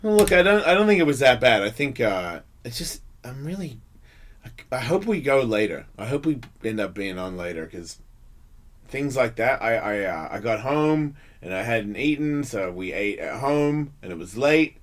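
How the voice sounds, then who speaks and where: A man's voice: mid-range voice, sing-song, normal speed. A man hosting a radio talk show, bantering casually, blunt and jokey, rambling and swearing freely. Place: radio studio.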